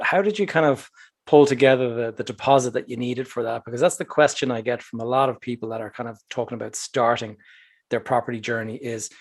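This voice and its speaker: A man from England hosting a podcast, asking long, relaxed questions in a casual interview. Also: medium pitch. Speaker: podcast host.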